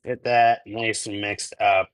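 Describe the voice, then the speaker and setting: A man with a lowish, smooth voice talks slowly with little pitch movement while hosting a laid-back cooking livestream from his home kitchen. This cooking channel host from Minnesota, in the US Midwest, is chatty and rambling, laughs frequently and answers chat. There's no echo, but the audio is poor.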